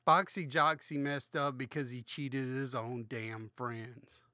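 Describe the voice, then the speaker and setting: A man's voice: mid-range voice, fairly even intonation, takes it slowly, bright, forceful tone, dry recording, studio quality. A slightly drunk man hosting a comedic read-aloud of a children's book, rambling through crude, swearing asides. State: a little drunk. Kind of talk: comedic book reading with commentary.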